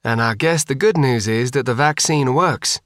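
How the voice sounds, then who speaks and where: A man's voice: medium pitch, normal speed, a bit bright, dry recording, studio quality, close to an everyday voice. A man reading an audiobook, voicing a tired, protective mother. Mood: weary. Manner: tired, reluctant.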